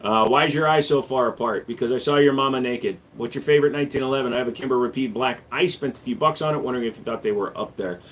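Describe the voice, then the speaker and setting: A man hosting a casual livestream, answering viewer questions with a relaxed, joking manner that gets louder when he hypes up the chat. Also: mid-range voice, quick pace, hardly any pauses, slight background noise. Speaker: livestream host and gun store owner.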